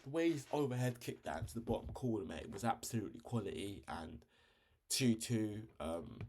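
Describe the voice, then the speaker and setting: Blunt, slangy young football host. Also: male voice, on the low side, animated, moderate pace, darkish tone, a little hiss or hum. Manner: blunt, slangy, fired-up opinions. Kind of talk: casual football review.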